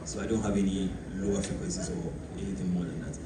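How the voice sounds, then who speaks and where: Ghanaian guy explaining bass, lots of rhetorical questions, noisy echoey room far from the mic. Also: fast talker. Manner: animated, mixing quoted voices and rhetorical questions. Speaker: bass player. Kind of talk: casual teaching talk.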